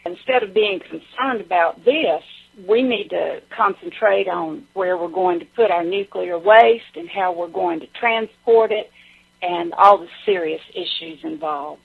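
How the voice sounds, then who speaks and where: A woman's voice: fairly low pitch, measured pace, creaky, breathy edge. A woman with a Southern US accent, a guest speaking in a folksy, homespun way full of regional sayings. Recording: phone-line audio.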